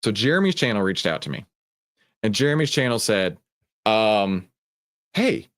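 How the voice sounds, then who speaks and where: Laid-back Texan man, lowish voice. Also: expressive, moderate pace, a bit bright. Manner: laid-back, jokey, greeting chat viewers by name. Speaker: livestream host. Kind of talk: casual live stream chat.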